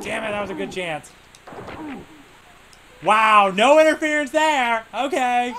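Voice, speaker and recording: A young man giving casual play-by-play commentary on a hockey video game, muttering between plays and yelling when the action heats up. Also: very high voice, expressive, a little slow, noisy background. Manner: swings from muttering to shouting at big plays. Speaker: let's play host.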